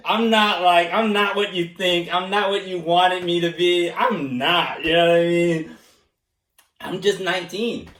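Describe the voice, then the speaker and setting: A man being interviewed, speaking casually, animated and self-mocking, laughing often and slipping into impressions. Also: high-pitched, unhurried. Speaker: interviewee, former student. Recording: echoey room, mic at a distance.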